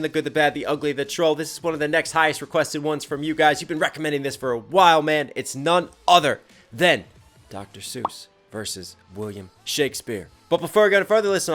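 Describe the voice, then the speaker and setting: A man with a mid-pitched voice hosts a casual music reaction, talking in a hyped, animated way. He picks apart lyrics line by line with the ease of a rapper talking shop.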